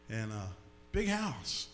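Animated man telling a church testimony. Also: medium pitch, slight background noise. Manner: animated, repeats words while telling the story. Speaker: speaker giving a personal testimony.

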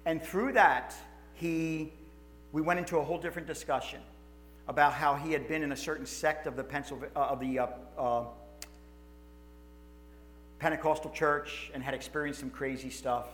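Animated New pastor storytelling. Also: male voice, a little high, moderate pace, long pauses, slight background noise. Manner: animated, emotional storytelling with restarts and acted-out quotes. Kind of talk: sermon storytelling.

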